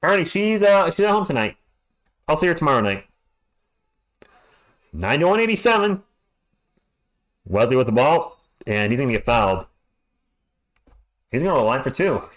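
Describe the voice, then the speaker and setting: A man's voice: on the high side, very animated, normal speed, pauses often. A man calling a basketball game live as a fan commentator, chatting and ranting between plays. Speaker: play-by-play commentator.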